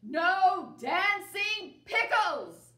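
A woman voicing a grumpy, pompous male bear who talks loudly and haughtily. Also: high voice, expressive, a little slow, roomy sound, pitched above the performer's own voice. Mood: indignant. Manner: loud, blustering, haughty.

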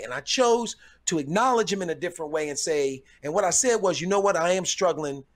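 A man's voice: high voice, expressive, fairly quick, hardly any pauses. A middle-aged man, a comedian guesting on a podcast, telling stories thoughtfully and repeating words as he gathers his thoughts. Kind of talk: casual chat, storytelling.

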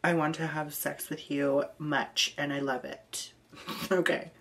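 A woman with a low-pitched voice and an unhurried pace reads messages aloud in a casual vlog. She answers them with dry, amused asides, breaking off into ums and quiet laughs. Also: little pitch movement. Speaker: vlogger.

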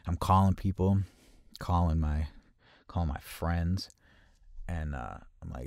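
A man's voice: a little slow, vocal fry, pauses often, no echo, clean studio sound. A man telling a personal story in casual first person, cursing freely and often restarting his sentences. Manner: profane, with frequent restarts and repeated words; grows louder and higher at tense moments.

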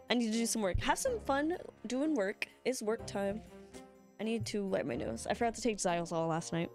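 A woman's voice: medium pitch, animated, a little fast. A young woman streamer chatting casually through a let's-play, swearing and laughing often. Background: faint game music.

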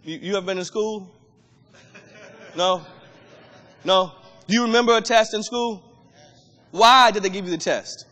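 Pastor guy preaching hard, real high bright voice, gets loud and fired up. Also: unhurried, pauses often, long reverb tail. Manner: impassioned preaching, rising to shouts. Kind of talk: sermon.

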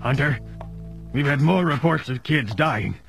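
A worried city official. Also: male voice, mid-range voice, expressive, measured pace, gravelly, fairly bright tone, faint music behind. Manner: earnest, urgent briefing. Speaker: game character. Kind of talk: 1990s game voice acting.

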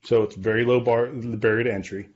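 A man talks through numbers in a confident, businesslike way, leaning on quick "right?" and "okay" check-ins. His voice sits at an everyday middle pitch. The sound is a little dull and lo-fi. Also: fairly even intonation, a little mellow. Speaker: guest, real estate data company leader. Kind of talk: podcast interview, explaining.

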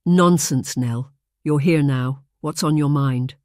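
A man's voice: a little high, slow, a little mellow, no echo, studio quality. A narrator voicing a tired, troubled nobleman in his thirties who speaks in a tense, clipped way. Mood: weary. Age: 30s.

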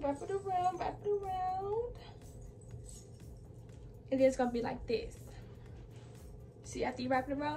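A high-sitting female voice, slightly noisy in the background, belongs to a young adult fashion vlogger. She chats her way, a little out of breath, through a clothing DIY tutorial heavy on "like" and "y'all," captured off-mic from a distance over faint music.

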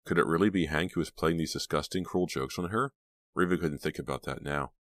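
A man narrating an audiobook in a steady, measured storytelling manner on a close mic. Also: very deep voice, no room sound. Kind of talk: scripted narration.

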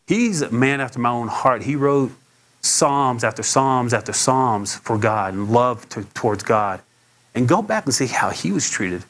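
A man preaching in an easy, conversational way, his voice at an ordinary middle pitch. He tells stories, stumbles and repeats himself now and then, and his voice leaps far higher when he acts out what people said. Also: moderate pace, fairly bright tone. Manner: leaps much higher when acting out quotes. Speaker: pastor. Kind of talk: sermon.

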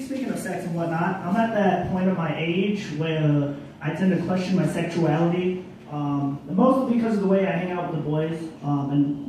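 Halting young comic in an echoey bar. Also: male voice, on the high side, warm tone. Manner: halting, full of ums, self-deprecating. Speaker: open mic comedian. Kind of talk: stand-up comedy. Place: bar stage at open mic night. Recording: echoey room, far from mic, faint noise.

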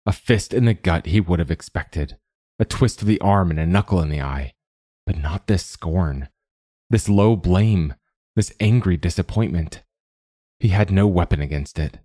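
A man narrating a literary short story as host, in a measured, even storytelling manner. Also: sits low, no echo, studio quality. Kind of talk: scripted fiction narration.

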